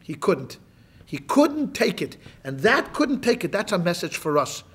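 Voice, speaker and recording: A man, a rabbi, teaching a class in a lively, joking storytelling lecture, talking straight to his listeners. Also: high voice, measured pace, husky.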